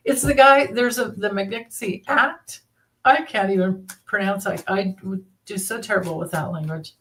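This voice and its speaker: A woman's voice: mid-range voice, normal speed, a bit bright. A woman hosting a live tarot reading stream, chatting casually, reading viewer comments aloud and laughing easily. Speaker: tarot reader hosting a livestream.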